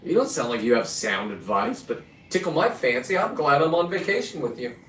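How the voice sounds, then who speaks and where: A man's voice: mid-range voice, very animated, fairly quick, fairly bright tone, slight background noise. A middle-aged man rambling through a profane, boastful story as host of his own videos. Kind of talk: rambling casual monologue. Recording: echoey and distant with faint ambience.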